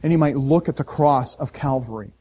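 A male pastor preaching a sermon in a conversational, storytelling way, swinging from loud emphasis to soft quiet. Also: mid-range voice, brisk, breathy edge.

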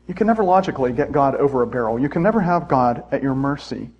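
A man's voice: medium pitch, expressive, fast talker, hardly any pauses, a little mellow, poor audio. A man preaching a sermon in church, conversational and self-deprecating, with frequent asides to the congregation. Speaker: pastor.

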